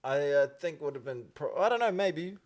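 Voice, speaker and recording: A man co-hosting a casual watch-along chat, retelling stories with animated energy. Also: on the high side, normal speed. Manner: animated storyteller, retells ads with lively quoted voices. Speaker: co-host.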